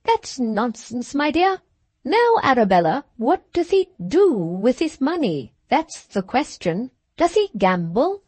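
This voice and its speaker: A woman's voice: high-pitched, very animated, measured pace, darkish tone, slightly rough, dry recording, voice pushed up, exaggerated voice. A woman reading the part of a stern, haughty aristocratic countess in an audiobook, lecturing with a disapproving, imperious manner.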